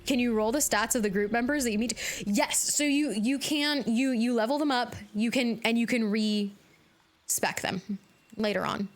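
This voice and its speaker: A woman streaming a video game live, chatting casually with her viewers, bubbly and quick to laugh. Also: fairly high pitch, soft background music. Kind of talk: casual live-stream chat while gaming.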